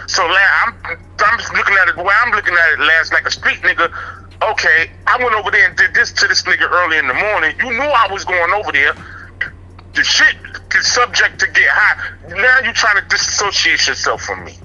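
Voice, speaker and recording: A man tells a story from his own street life, talking loose and animated. His voice sits a bit high and cuts through sharp and tense, and he keeps pulling the listener in with asides as he goes. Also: a little fast, poor audio. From New York. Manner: streetwise, animated, keeps saying "you know what I'm saying". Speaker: interview guest.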